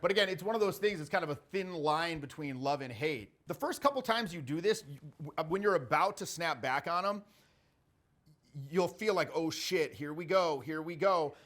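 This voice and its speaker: A man's voice: fairly high pitch, lively intonation, normal speed, fairly bright tone. Blunt, swearing male social coach. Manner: blunt, profane, jokey storytelling. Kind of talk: casual coaching talk.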